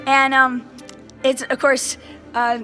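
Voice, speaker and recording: A woman band director explaining classroom routines to other teachers in an animated way, often checking in with "right?" She says she is a little sick. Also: high-pitched, slow pace, soft background music. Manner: animated, enthusiastic, keeps checking in with "right?" and "okay?". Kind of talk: casual how-to lesson to camera. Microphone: handheld phone.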